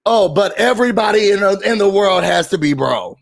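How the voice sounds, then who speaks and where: Man, sassy reality TV recapper, somewhat high voice, animated, casual. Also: fairly quick, gravelly. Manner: sassy, animated, quotes people in mocking voices.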